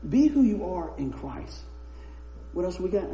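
A man with a high voice preaches in a roomy, echoing space. He mixes scripture with chatty, laughing anecdotes. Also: big pitch swings, a little slow, warm tone, slight background noise. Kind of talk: sermon with humorous storytelling. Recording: roomy echo.

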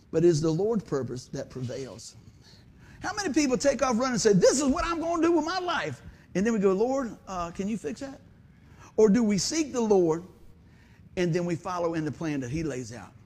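Male pastor, folksy sermon storyteller, husky voice pitched high with lots of swing. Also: a little mellow. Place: church sanctuary.

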